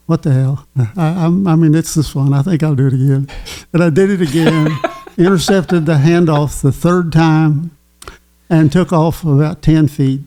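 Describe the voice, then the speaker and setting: A man's voice: a little high, dark tone. Chuckling older man. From Kentucky. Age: 80s. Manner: chuckling, folksy, halting with fillers. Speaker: guest. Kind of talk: casual storytelling.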